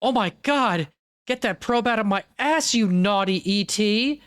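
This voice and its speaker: A man's voice: high voice, lively intonation, unhurried, fairly bright tone, smooth, voice pushed up. A man voicing a male alien abductee in mock ecstasy, breathless and theatrical. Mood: mock ecstatic.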